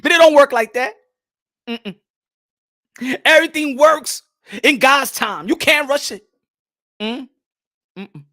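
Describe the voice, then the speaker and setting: Man, high voice, bright tone, loud mock sermon, laughs, bursts of song. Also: expressive, takes it slowly, long pauses. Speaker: boxing channel host. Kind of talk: excited livestream rant.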